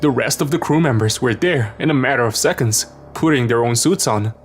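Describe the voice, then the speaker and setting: A man's voice: medium pitch, a little fast. A man narrating a horror story in a tense, dramatic scripted reading. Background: background music.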